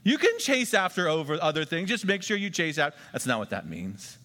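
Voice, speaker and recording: A man preaching a sermon as pastor, emphatic and repeating key phrases slowly for the congregation. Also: fairly high pitch, very animated, sharp tone. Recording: long hall reverb.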